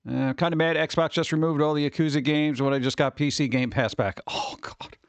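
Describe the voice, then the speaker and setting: A man's voice: fairly high pitch, steady tone, fairly quick, dry recording. A man streaming live, chatting casually and rambling as he reads comments from chat aloud.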